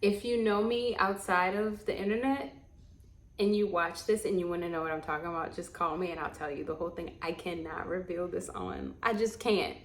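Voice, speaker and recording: Animated woman telling stories, echoey room. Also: fairly low pitch, normal speed. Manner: animated, laughing, acts out quotes. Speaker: vlogger and actor. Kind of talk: casual storytelling to camera.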